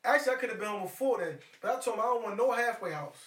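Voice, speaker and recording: A middle-aged man tells stories in a lively, profane way, his voice high and bright. He sits away from the mic in an echoey room. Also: rapid-fire, far from the mic. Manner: animated storyteller, profane. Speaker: guest. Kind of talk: casual chat.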